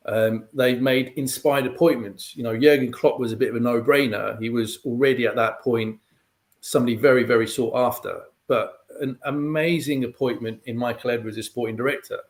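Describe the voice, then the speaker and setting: A male guest pundit giving measured, explanatory analysis in conversation, often filling with "um" and "you know". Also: medium pitch, steady tone.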